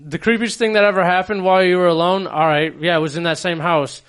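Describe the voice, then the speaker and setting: Man, quick delivery, slightly high voice, casual profane podcast talk. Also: fairly even intonation, a bit bright, clear, resonant tone. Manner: rapid, loose, profane storytelling.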